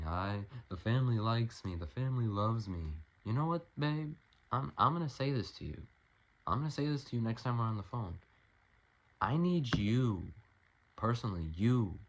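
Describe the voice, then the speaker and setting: A man vlogging an emotional, rambling personal monologue, often restarting his sentences and swearing when frustrated. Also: medium pitch.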